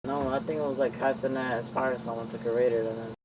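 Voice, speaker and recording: A man's voice: medium pitch, little pitch movement, quick pace, background noise. A man chatting casually with a streamer, laid-back and profane. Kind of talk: casual chat.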